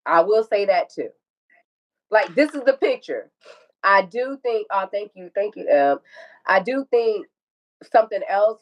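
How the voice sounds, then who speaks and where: A woman's voice: mid-range voice, lo-fi sound. A woman telling an emotional personal story, acting out dialogue and swearing freely. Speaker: guest telling her story.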